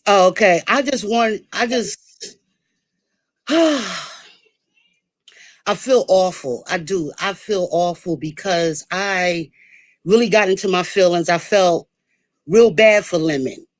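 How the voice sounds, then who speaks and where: A woman's voice: on the low side, slow pace, long pauses, no room sound, studio quality. A woman calling into a livestream, nervous, earnest and apologetic. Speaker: caller. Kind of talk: casual livestream chat.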